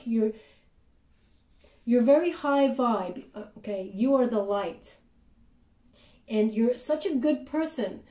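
A woman doing a chatty tarot reading with many fillers, now and then dropping into soft murmured prayers. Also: on the high side. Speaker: tarot reader. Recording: roomy, distant from the mic.

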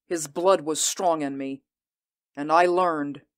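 A woman voicing a proud, ambitious warrior queen, speaking in an intense, measured and commanding way in an audio drama. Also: low voice, fairly even intonation. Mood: proud, fierce. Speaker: voice actor.

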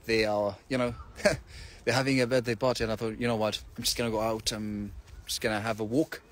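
A man's voice: lowish voice, flat delivery, brisk. A man talking casually to his viewers as he walks around a farm, chatty and rambling, with lots of fillers. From England. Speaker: English teacher vlogger. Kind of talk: casual walking vlog. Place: outdoors on a farm. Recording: outdoor noise in the background.

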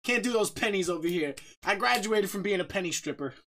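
A man streaming a game live, chatting casually, reading out viewer shout-outs, joking and laughing often. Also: high-pitched, brisk. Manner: bursts of loud excited talk.

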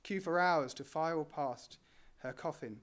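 Earnest higher-voiced male preacher. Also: unhurried. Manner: earnest, rising on key phrases and dropping softly at line ends. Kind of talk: sermon.

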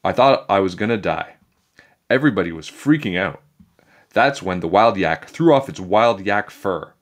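A man reading a children's chapter book aloud in a playful, animated storytelling manner. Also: sits low, moderate pace. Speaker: storybook reader.

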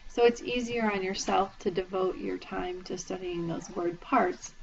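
A woman's voice: medium pitch, unhurried, gravelly. A woman instructor giving a recorded lecture, patiently explaining terms and spelling them out letter by letter. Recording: dull lo-fi lecture recording with faint noise.

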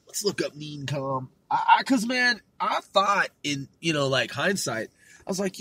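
A man in his thirties with a notably high voice drifts slowly through a solo podcast ramble. He is heavy on slang and swearing, and he chuckles at his own tangents. The sound is close and dry, with no room around it. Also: expressive, a bit bright, no room sound. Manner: profane, loose slang-heavy banter; laughs at himself while reading aloud. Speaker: podcast host.

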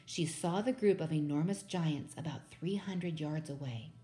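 A woman reading a children's book aloud in a steady, expressive way. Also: low voice, normal speed. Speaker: storybook reader.

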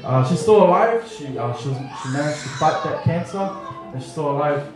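A man's voice: a little high, animated, fairly quick. A man preaching a humorous, audience-engaging story sermon in a church hall. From New Zealand. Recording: echoey hall from far off.

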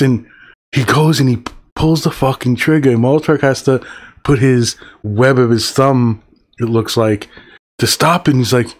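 A man in his fifties giving a casual spoken film review, excited and profane, rambling with fillers. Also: medium pitch, a little slow. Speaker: movie reviewer.

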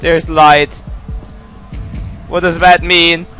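A man's voice: fairly high pitch, level tone, drawn-out words, soft background music, rough recording. A young man commentating his own horror game playthrough, jumpy and swearing a lot, muttering to himself between scares. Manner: jumpy, swears a lot, yells when startled. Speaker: let's play gamer.

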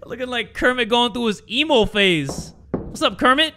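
A bright, high-pitched man commentating on a horror game, with a very lively voice that swings between low mutters and loud yelps. He swears freely and reacts fast to what happens on screen. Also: slight background noise. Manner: excitable, swearing, jumping to yelps. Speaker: gaming video host.

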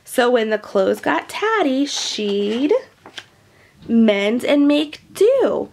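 A woman with a high voice reads a picture book aloud to children, slowly and warmly explaining words as she goes. Her tone is gentle, chatty and teacherly. There is a light gravelly fry in her voice. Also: animated. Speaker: children's storyteller.

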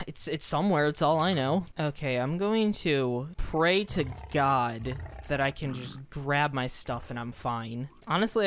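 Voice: medium pitch, clear, resonant tone. A young adult gaming host giving loose, profane running commentary while playing, talking back at the characters on screen. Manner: frustrated, swears freely, talks to game characters. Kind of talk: live gameplay commentary.

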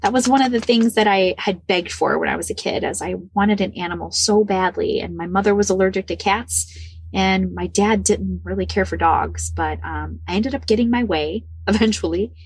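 A woman in her forties from the Midwest of the United States, telling a personal story as a podcast guest, animated and laughing often. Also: medium pitch, normal speed, breathy edge, no echo. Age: 40s. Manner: animated, laughs often, acts out quoted dialogue.

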